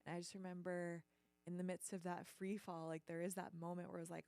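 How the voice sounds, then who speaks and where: A woman hosting a business channel, telling a personal story in an earnest, halting way with lots of fillers. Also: fairly low pitch, fairly even intonation, creaky, warm tone, dry recording.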